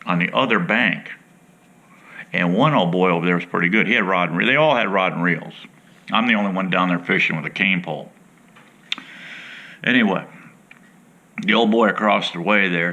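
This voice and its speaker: A middle-aged man with a low, gravelly voice that still cuts through bright and forward. He spins a rambling, folksy yarn straight to his viewers, chatty and unhurried. He sounds like a host talking to regulars. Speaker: outdoors show host. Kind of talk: casual storytelling to viewers.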